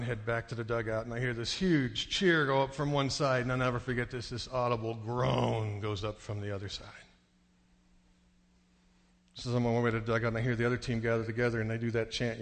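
Animated male preacher in a reverberant hall. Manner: animated storyteller, jumps into high excited delivery. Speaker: pastor. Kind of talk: sermon with storytelling. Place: church sanctuary.

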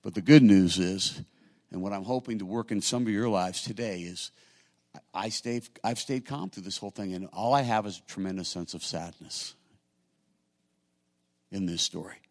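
A middle-aged man preaching a sermon as pastor, talking conversationally and building to loud, emphatic peaks. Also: low-pitched, moderate pace.

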